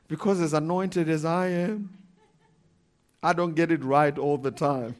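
High-voiced man preaching emphatically. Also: a little slow. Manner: animated, emphatic preaching with laughs and repetition. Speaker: pastor. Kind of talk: sermon.

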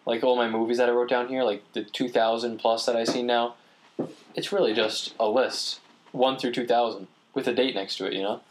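A man chatting casually as a podcast co-host, telling stories in a relaxed, rambling way. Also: mid-range voice, a little fast. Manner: rambling, relaxed storyteller with fillers. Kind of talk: casual chat.

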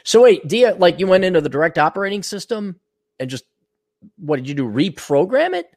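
Brief: older male podcast host, sick, gravelly, animated swearing rant, dry close sound. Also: high-pitched, fairly quick, dry recording. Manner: profane, sarcastic, reads donor messages aloud. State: sick, clearing his throat. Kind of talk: casual ranting monologue.

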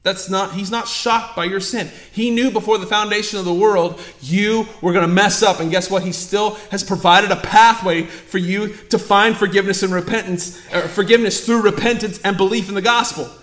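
A young man preaching a sermon as pastor, emphatic, dropping to hushed asides and rising to loud appeals. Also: sits high, steady tone, moderate pace, hardly any pauses, echoey room. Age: young adult. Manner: emphatic, swings between hushed asides and raised exhortation. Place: church sanctuary.

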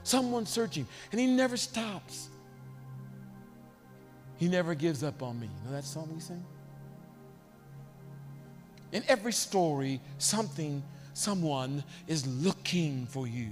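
A man preaching a sermon as bishop, animated and given to shouting for emphasis. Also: fairly high pitch, a little slow, pauses often, long reverb tail, soft background music.

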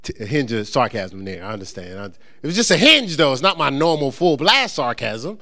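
A male pastor preaching a conversational sermon, joking with the congregation and stumbling into quick repeats and restarts. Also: medium pitch. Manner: lively, joking asides to the congregation.

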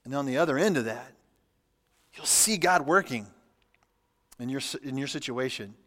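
A man preaching a sermon as pastor, reading scripture aloud and adding relaxed, humorous asides. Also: medium pitch, normal speed. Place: church sanctuary. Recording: church hall with long reverb.

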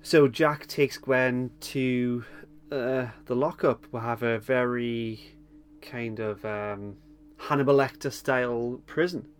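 A man's voice: medium pitch, steady tone, slow, smooth. A man hosting a casual podcast chat, recapping a TV episode with frequent chuckles and hesitant ums. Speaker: podcast host.

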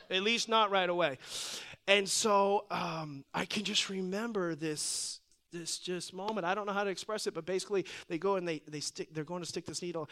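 A middle-aged man preaching a sermon, telling a personal story in an animated way that drops to hushed intensity. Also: high-pitched, moderate pace. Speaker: pastor.

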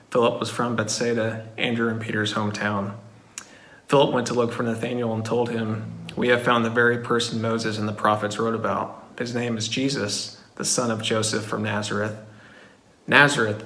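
A man reading a passage of scripture aloud in a steady, measured way. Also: medium pitch. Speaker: scripture reader. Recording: echoey room.

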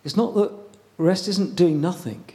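Man, preacher, sermon, relaxed chatty delivery, frequent pauses and restarts. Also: high-pitched. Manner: conversational, pausing, repeats words.

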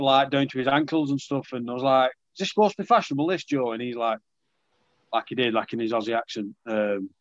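In a dry, dull recording, a young rugby league player with a mid-range voice talks casually as an interviewee. He's chatty and pokes fun at himself, often starting sentences over.

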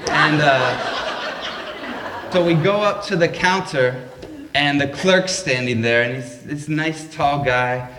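A man's voice: fairly high pitch, takes it slowly, far from the mic. Wry man telling a live story. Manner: wry, self-deprecating, animated. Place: live event at a public library. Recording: echoey live room.

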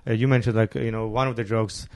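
A man's voice: on the low side, fairly even intonation, quick pace, a little mellow, dry recording, clean studio sound. A man hosting a casual podcast, rambling and laughing as he tells stories and thanks listeners. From immigrant who arrived near his teens. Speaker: podcast host.

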